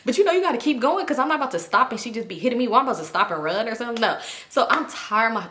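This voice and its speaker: A young woman tells a storytime tale straight to camera. Her voice sits a little high and rings bright and forceful. She is animated and profane, with laughs running through the telling. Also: fast. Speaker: vlogger.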